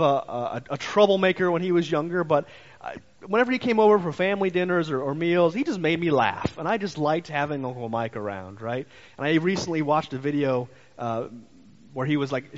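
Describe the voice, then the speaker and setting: A man preaching a sermon as pastor, telling stories in an animated way and briefly acting out the voices he quotes. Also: fairly high pitch. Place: church sanctuary. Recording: muffled church hall reverb.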